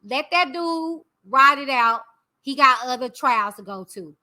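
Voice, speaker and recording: Bright, high-voiced woman giving blunt commentary. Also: lively intonation, measured pace. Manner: candid, opinionated, talks directly to viewers. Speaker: YouTube commentary host. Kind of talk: casual live-stream commentary.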